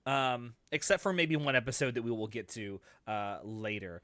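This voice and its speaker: A man co-hosting a casual podcast, talking in an animated, rambling way with frequent restarts. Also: mid-range voice, normal speed, no echo, clean studio sound. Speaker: podcast co-host.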